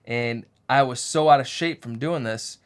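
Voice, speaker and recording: A man's voice: mid-range voice, normal speed, clean tone. A man in his thirties co-hosting a sewing channel, rambling and joking in casual chat. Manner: rambling, joking, acts out quotes.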